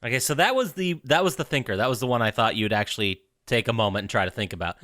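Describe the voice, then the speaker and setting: Lively dry-voiced man hosting podcast banter. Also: mid-range voice, fast talker, no echo. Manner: playful, quizmaster-like. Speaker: podcast co-host asking would-you-rather questions.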